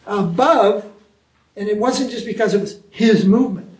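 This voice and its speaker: A man's voice: high-pitched, normal speed, darkish tone. A man, a swami, answering questions in an informal spiritual talk, colloquial and emphatic with many asides. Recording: echoey room, distant mic.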